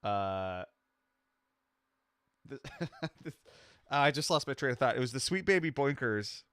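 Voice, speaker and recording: A man's voice: mid-range voice, expressive, measured pace, a bit bright, clean tone, no room sound, studio quality. A man co-hosting a podcast in casual chat, rambling and trailing off into restarts, from a home setup. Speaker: podcast co-host.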